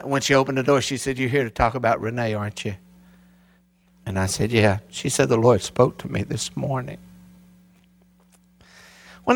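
A middle-aged man preaching a sermon, telling a personal story with emotion and rising to a high voice when stirred. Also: gravelly. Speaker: pastor.

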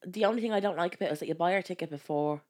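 A woman's voice: fairly low pitch, rapid-fire, a little mellow. A young woman co-hosting a podcast, chatting casually in a dry, teasing and sweary way. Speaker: podcast co-host. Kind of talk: casual chat.

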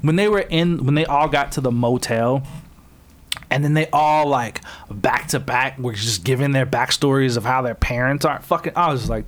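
A man's voice: mid-range voice, normal speed. A man co-hosting a podcast, ranting profanely in a casual movie review chat and mimicking other voices. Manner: animated, profane ranting with mocking quoted voices. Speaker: podcast co-host.

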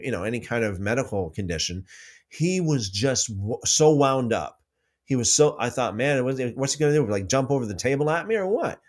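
A man hosting a casual livestream about faith, reading out viewer comments and telling stories with many restarts. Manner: rambling, restarts often, lively pitch swings when telling stories.

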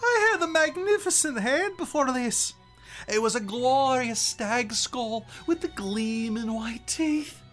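A fussy, theatrical scarecrow with lobster claws and a gourd for a head, voiced by a game master chatters along in an overdone brogue. The voice sits well above the performer's own and leaps around with lively pitch. Faint music plays under the tabletop session. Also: slow. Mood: chatty. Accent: mock Scottish-Irish brogue.

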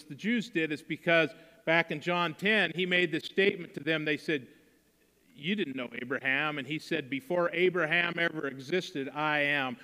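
Male pastor, higher voice, bright and forceful, conversational sermon in a reverberant church. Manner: conversational preaching, acts out quotes.

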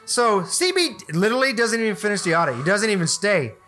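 Brief: man, slightly high voice, bright tone, loose profane storyteller, casual podcast chat. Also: big pitch swings, fast, soft background music. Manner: rambling, swears freely, frequent restarts. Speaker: podcast co-host telling a work story.

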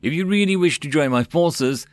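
A man voicing a calm, confident young male lord who speaks directly. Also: on the high side, normal speed, dry recording, clean studio sound, pitched above the performer's own voice, natural voice.

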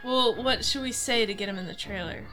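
Bright, giggly woman player. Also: fairly high pitch, fairly quick, soft background music. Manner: giggly, thinking aloud. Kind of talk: casual tabletop game chat.

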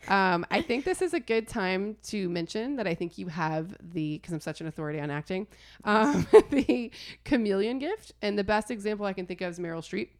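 A woman's voice: mid-range voice, expressive, brisk, a little mellow. A woman hosting a casual interview, chatty and gushing, laughing often as she asks questions. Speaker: host.

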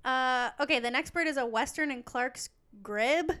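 A woman's voice: sits high, moderate pace, pushed and bright, smooth. A woman co-hosting a casual chat, reading out bird facts and joking about them. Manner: playful, giggly, reads facts then jokes. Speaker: podcast co-host.

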